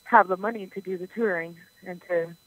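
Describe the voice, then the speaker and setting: A woman's voice: lowish voice, steady tone, brisk, no echo, rough recording. A young adult woman from Canada, a singer being interviewed, chatting casually and laughing often. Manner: giggly, talkative. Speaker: singer guest.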